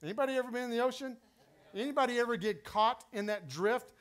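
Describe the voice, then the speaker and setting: Man, West Texas accent, pastor, storytelling sermon, animated and emphatic, strikingly high-pitched. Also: fast talker.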